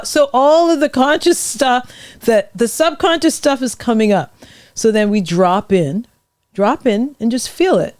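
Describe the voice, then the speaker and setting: A middle-aged woman, a vocal coach, leading warm-up exercises in a lively, encouraging, demonstrative way on a podcast. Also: on the high side, measured pace, no room sound, clean studio sound. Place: podcast studio.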